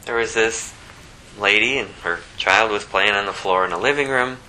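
A man's voice: moderate pace, sharp tone, a little hiss or hum, rough recording. A man preaching a sermon, his voice rising sharply when he gets emphatic. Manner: impassioned, pitch climbing sharply when emphatic.

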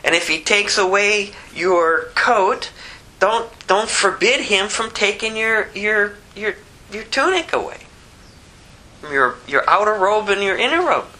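A woman preaching a sermon with emphatic rhetorical questions and wide swings in pitch. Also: lively intonation, a little slow, bright, forceful tone, poor audio.

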